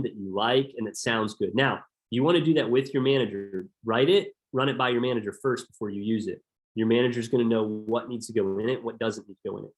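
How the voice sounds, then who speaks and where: Emphatic, energetic male sales trainer. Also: mid-range voice. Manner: energetic, emphatic, repeats key points. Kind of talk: motivational sales coaching call.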